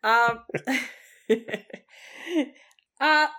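A woman's voice: a little high, drawn-out words, bright, forceful tone, smooth. A woman co-hosting a podcast, chatty and gossipy in casual conversation. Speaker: podcast co-host. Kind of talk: casual chat.

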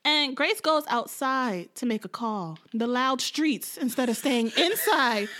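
A woman co-hosting a casual chat, recapping a show in slangy, expressive talk and acting out quotes. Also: high voice, unhurried.

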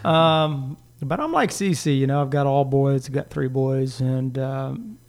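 A man in his thirties, chatting as a podcast co-host in a loose, rambling way. He laughs easily between thoughts, and his voice sits at an ordinary middle pitch. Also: unhurried, creaky. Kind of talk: casual chat.

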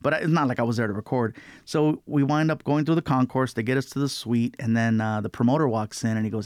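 A man telling a story as a guest comedian in an interview, animated and acting out other people's voices. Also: mid-range voice, quick pace, hardly any pauses, dry recording, clean studio sound. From California.

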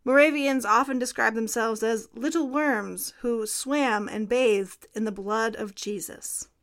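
A woman's voice: fairly high pitch, a little slow, fairly bright tone. A woman co-hosting a history podcast, reading scripted narration with dry, amused asides. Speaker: podcast co-host.

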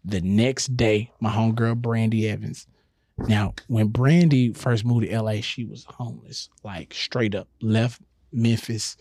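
Animated young man telling a story. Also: lowish voice, measured pace. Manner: animated, slangy, acts out scenes. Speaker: guest comedian. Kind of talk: storytelling on a podcast.

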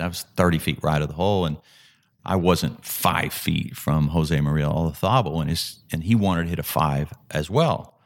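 A middle-aged man, a golf analyst and podcast guest, telling stories vividly with frequent restarts. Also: very deep voice. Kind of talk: conversational storytelling.

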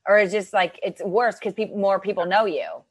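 A woman hosting an interview, chatty and quick with eager follow-up questions. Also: medium pitch, fairly even intonation, slightly rough, dry recording. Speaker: podcast host. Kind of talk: casual interview chat.

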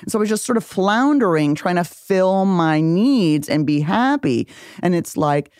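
A woman's voice: fairly low pitch, normal speed, smooth, no echo. A woman in her forties, a memoir author, telling candid stories with a lot of swearing and acting out quotes in a podcast studio. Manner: profane, animated storytelling, acts out quotes. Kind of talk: candid casual chat.

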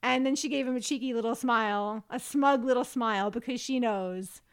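A woman with a fairly high voice talks through a reality show recap in loose, chatty podcast banter. She is wry and quick to laugh, pausing to hunt for the right word. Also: clear, resonant tone. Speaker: podcast co-host. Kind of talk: casual reality TV recap chat.

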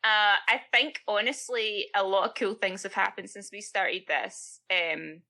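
A woman's voice: mid-range voice, steady tone, a little slow, vocal fry, bright, forceful tone. A woman guest on a podcast, chatting easily and laughing often. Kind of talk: casual chat.

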